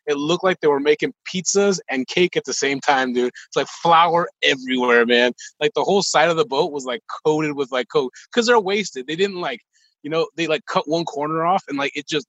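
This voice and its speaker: A man's voice: on the high side, fairly quick, no echo, lo-fi sound. A young man from the United States casually telling stories from his life as a chef, acting out quotes, with lots of "like" and "dude". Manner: laid-back, animated retelling with quoted dialogue, lots of "like" and "dude". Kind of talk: casual storytelling.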